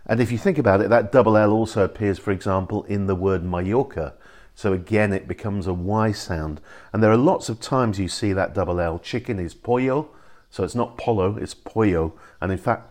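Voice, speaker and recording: A man's voice: fairly low pitch, darkish tone. A man hosting an island information site, recording a casual voice message that explains pronunciation, chatty and explanatory with frequent ums and restarts.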